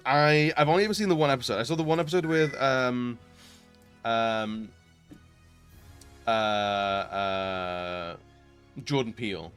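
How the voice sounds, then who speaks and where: A man's voice: medium pitch, clean tone. A man chatting casually on a live stream as a variety streamer, greeting viewers with frequent fillers. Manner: chatty, laughing, greets chat warmly, many fillers.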